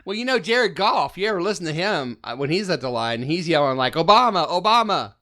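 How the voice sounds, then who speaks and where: A man hosting a fan sports podcast, telling stories in a casual, animated way and laughing often. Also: a little high, a little fast. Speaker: podcast host.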